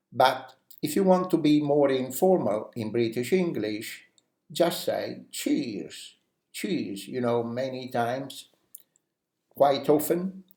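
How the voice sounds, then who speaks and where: Slow-paced male English teacher. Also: mid-range voice. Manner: acts out example phrases in a lively way; uses many "you know" fillers. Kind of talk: language lesson. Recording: roomy echo.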